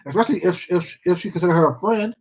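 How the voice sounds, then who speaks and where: Quick, animated and husky, this mid-range voice belongs to a livestream host reading viewer comments in a casual chat. The gossip is rambling and profane, packed with repetition and fillers, and people get called baby and sweetheart.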